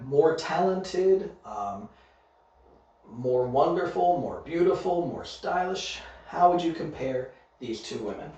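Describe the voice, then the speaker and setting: Male online ESL teacher, slightly high voice, deliberate pace, distant dull mic in an echoey room. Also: darkish tone. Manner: slow, deliberate, checks in with "okay?". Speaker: English teacher. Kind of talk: recorded online grammar lesson.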